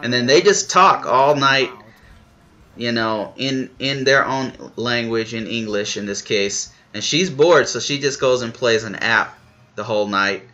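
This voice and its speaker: A man's voice: mid-range voice, measured pace, sharp tone, muffled recording. A man hosting a live reaction stream, chatting casually and playfully acting out the scenes he describes. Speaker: reaction video host.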